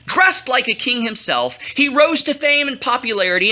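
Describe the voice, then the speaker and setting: A man telling a holiday story as comedy, animated and jokey, cheering and booing the characters. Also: very high voice, moderate pace. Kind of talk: comic retelling of a holiday story.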